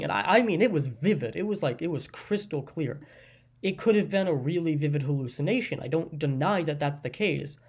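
A solo podcast host in a loose, unscripted monologue, with a voice sitting at an ordinary middle pitch. The delivery wanders and doubles back, with frequent restarts, stumbles and fillers as the host muses aloud and hedges each point. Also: a little mellow. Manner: thinks aloud, hedging and musing.

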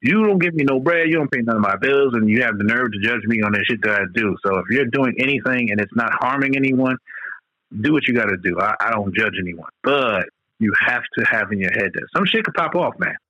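A man's voice: medium pitch, expressive, brisk, bright, forceful tone, no echo, highs cut off. A man in casual podcast chat, talking loosely and profanely, rambling between points with lots of restarts.

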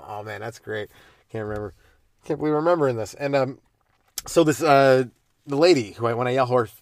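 A man's voice: mid-range voice, dry recording, clean studio sound. A young man, a stand-up comedian, telling rambling profane stories from his car in a driveway. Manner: loose, profane, meandering, with sudden loud jumps. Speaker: stand-up comedian hosting a podcast. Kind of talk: casual rambling storytelling.

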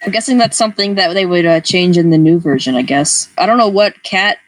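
A woman's voice: lowish voice, brisk, poor audio. Jokey woman in casual book chat. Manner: giggly, jokey. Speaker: book club podcast co-host.

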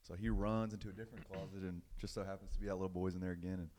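A man's voice: sits low, fairly even intonation, very fast, darkish tone. A young man on a casual podcast, telling a long crude joke in a rambling way. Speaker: podcast co-host.

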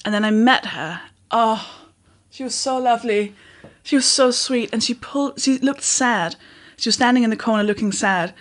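A woman's voice: fairly high pitch, normal speed. A woman in her thirties hosting a podcast, telling a candid personal story in casual chat, acting out the people in it. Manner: candid, storytelling with quoted dialogue. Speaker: podcast host.

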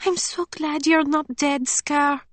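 A woman voicing a bubbly young waitress in an audiobook, with a high, drawn-out, gushing manner. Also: fairly even intonation, no echo. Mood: earnest. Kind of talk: audiobook character voice.

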